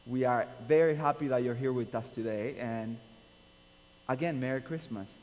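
A man with a Nicaraguan Spanish accent leads a church service as pastor, informal and self-deprecating in his humor. His mid-pitched voice carries a long reverberant tail from the church hall, and a faint hum sits underneath. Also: normal speed, a little mellow. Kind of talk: friendly church welcome and sermon. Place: church sanctuary.

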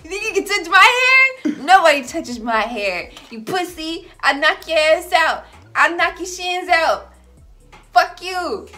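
Woman doing a touchy tough guy, cursing threats, high voice, lively swoops, slightly off-mic. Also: measured pace, faint music behind, exaggerated voice. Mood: mock menace. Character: touchy tough guy who guards his hair.

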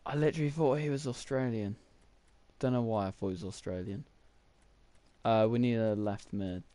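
A man's voice: on the low side, moderate pace, dark tone, no room sound. A young man, rambling through casual gameplay commentary while thinking aloud with lots of fillers. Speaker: gaming YouTuber.

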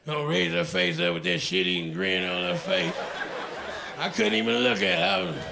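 A man performing crude, animated stand-up comedy on stage, shouting punchlines before a live audience. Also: fairly high pitch, normal speed, gravelly, very noisy. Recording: live stand-up with crowd laughter.

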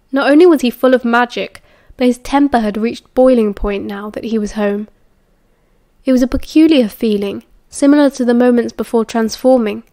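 A woman with a British accent narrates an audiobook in a steady, measured way. Her voice sits a little high, and the recording is close and dry. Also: no room sound. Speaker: audiobook reader.

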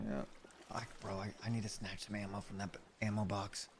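A man's voice: fairly low pitch, level tone, brisk, slight background noise. A man streaming a video game, chatting casually with a teammate in a playful, giggly, scheming way. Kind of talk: casual gaming chat.

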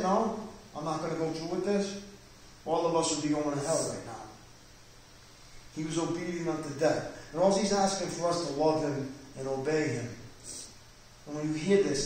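A male pastor preaches with fervent, rising emphasis, his voice sitting high for a man. He is recorded from a distance in a very echoey church hall. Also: slight background noise. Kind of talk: Bible study sermon.

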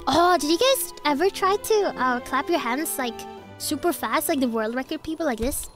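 A woman's voice: high-pitched, expressive, moderate pace. A sick, coughing woman streamer chatting casually with viewers as she plays, giggly and swearing a lot. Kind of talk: casual live-stream chat while gaming. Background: game music.

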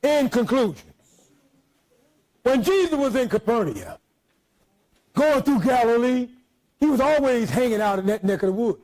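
Man, pastor, preaching a sermon, shouting, calls out to the church, folksy humor, very high voice. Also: expressive, normal speed, long pauses, rough recording. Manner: folksy, joking asides.

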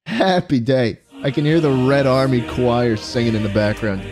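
A man giving profane, excitable let's-play commentary, often yelping and laughing. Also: mid-range voice, a little fast, over music. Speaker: gaming YouTuber.

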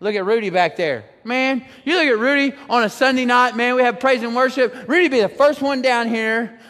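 A man preaching a sermon, animated, shouting some lines and drawing others out slowly. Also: extremely high pitch, big-room sound. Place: church sanctuary.

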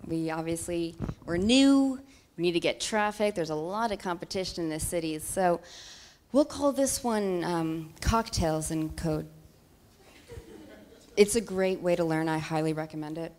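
A woman's voice: on the low side, measured pace, a little mellow, slight background noise. A woman presenting a coding project at a demo day, playful and joking as she fills in a live demo.

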